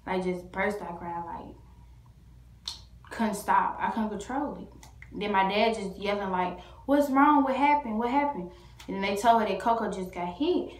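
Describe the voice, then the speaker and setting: Female vlogger, rambling casual storyteller, mid-pitched voice, echoey room. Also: steady tone, normal speed. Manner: rambling, full of "like" and restarts.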